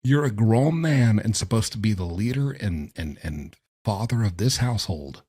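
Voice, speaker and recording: A man's voice: lowish voice, animated, normal speed, warm tone, breathy edge, dry recording. Sarcastic male commentator, dry close sound. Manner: sarcastic, scornful. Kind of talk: commentary on recordings.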